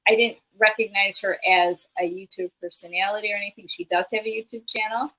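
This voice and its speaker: This woman is a guest on a friendly live stream chat, telling a story in a rambling way. Her voice is bright and forceful at a middle pitch, and she often stops and restarts her sentences. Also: steady tone, brisk, low-quality recording. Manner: rambling, many fillers and restarts while storytelling. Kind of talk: casual chat.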